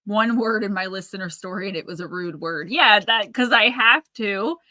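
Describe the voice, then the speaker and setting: A woman's voice: mid-range voice, moderate pace, pushed and bright, dry recording. A woman in her thirties hosting a casual livestream, rambling and chatty as she reads out viewer comments. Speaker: livestream host.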